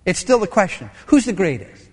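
Animated high-voiced male preacher. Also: brisk, breathy edge, long reverb tail. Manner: animated storytelling, acting out voices and quotes. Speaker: pastor. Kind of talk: sermon.

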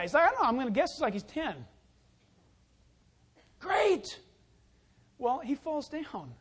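A high-voiced man preaching a sermon. He moves between reading scripture and telling a lively personal story, calling out loudly when the story peaks. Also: slow, pauses often. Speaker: pastor.

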